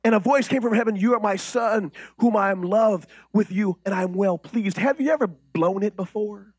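A man preaches a sermon in a high, husky voice, moving between booming declarations and near-whispered asides. He talks conversationally, tossing out rhetorical questions and restarting his sentences. The sound is dry and close. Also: moderate pace, dry recording. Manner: animated, swings from loud declarations to quiet intimate asides. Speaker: pastor.

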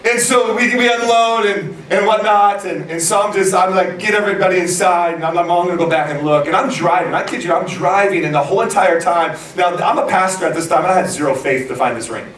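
A man preaching a sermon to a congregation, telling a lively story, acting out what people said, and laughing along the way. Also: high-pitched, fast, few pauses, far from the mic. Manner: storytelling, lively, acts out quotes, laughs often. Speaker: pastor. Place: large church hall with congregation. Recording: echoey hall, recorded from afar, congregation audible.

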